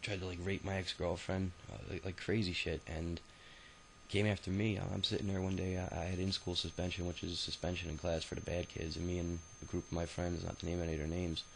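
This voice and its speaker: A man's voice: deep voice, flat delivery, quick pace, vocal fry, slight background noise, rough recording. A man in his thirties telling his own life story in a rambling, profane, casual way, full of filler sounds. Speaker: autobiography narrator. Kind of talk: casual spoken memoir storytelling.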